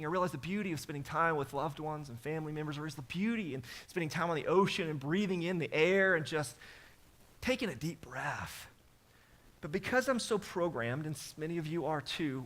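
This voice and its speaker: A man's voice: fairly high pitch, pushed and bright. A man in his thirties preaching a sermon, telling stories animatedly with emphatic repetitions. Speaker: pastor.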